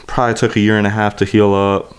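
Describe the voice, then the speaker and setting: A man co-hosting a casual podcast, telling an animated, profanity-heavy story in a rambling way. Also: on the low side, fast, clean tone. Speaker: podcast co-host.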